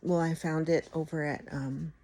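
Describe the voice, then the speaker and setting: A woman's voice: low-pitched, level tone, moderate pace, mellow, rough recording. A middle-aged woman chatting casually at home in a morning vlog, rambling and laughing often. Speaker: vlogger.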